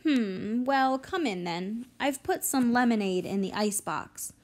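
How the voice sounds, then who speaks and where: A woman's voice: on the high side, lively intonation, measured pace. A woman reading an audiobook, voicing a stern, stubborn elderly homeowner who talks curtly. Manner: curt, snapping.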